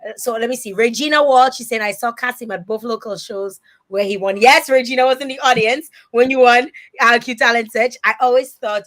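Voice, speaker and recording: A woman from Dominica hosting a live online interview, chatting warmly and reading viewer comments aloud with lively emphasis. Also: a little high, fairly quick. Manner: animated and emphatic, many restarts. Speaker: host.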